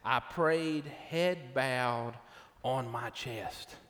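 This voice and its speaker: A man's voice: mid-range voice, extremely slow, fairly bright tone. Man preaching casually in a reverberant hall. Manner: conversational preaching, frequent "right?" tags. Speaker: pastor. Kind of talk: sermon.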